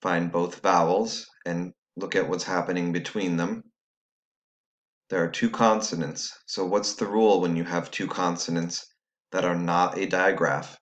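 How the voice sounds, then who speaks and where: A man's voice: low voice, little pitch movement, a little slow. A man teaching a recorded phonics lesson, patiently explaining step by step to students at home.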